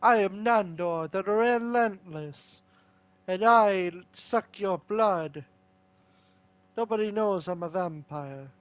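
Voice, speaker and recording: A man putting on a pompous male vampire lord, announcing himself slowly and grandly. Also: high voice, clear, resonant tone. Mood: grandiose.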